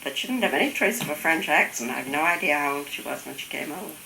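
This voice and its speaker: Older woman, low voice with a lively, bright edge; chatty family storyteller who laughs and mimics relatives; echoey home room, faint hiss. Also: quick pace, vocal fry. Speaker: interviewee recalling family stories.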